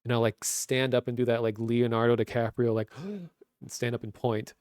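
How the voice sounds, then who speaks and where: A man's voice: medium pitch, monotone, fairly quick, darkish tone, clear, resonant tone, no room sound, clean studio sound. A man in his thirties with a Minnesotan accent, chatting casually on a webcam stream and rambling with lots of fillers. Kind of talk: casual chat. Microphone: webcam stream mic.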